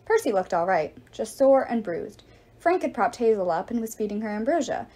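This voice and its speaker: A woman reading a novel aloud as narrator, with expressive, animated delivery. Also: a little high, moderate pace. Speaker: audiobook reader.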